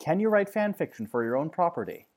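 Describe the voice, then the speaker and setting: A man's voice: fairly high pitch, big pitch swings, fast, a little mellow. A man co-hosting a casual fan podcast, rambling, correcting himself mid-sentence and cracking jokes. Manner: rambling, self-correcting, jokey.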